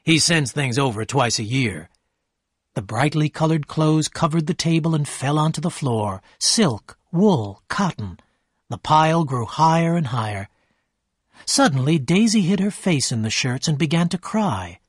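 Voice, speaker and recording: Male narrator, slow and clear, husky, dry close recording, for learner audiobook. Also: on the high side, animated, no echo. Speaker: storyteller for English learners. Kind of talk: scripted narration.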